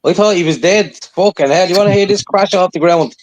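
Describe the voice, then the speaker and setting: A man in casual podcast chat, telling lively, swearing anecdotes. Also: sits high, brisk. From Ireland.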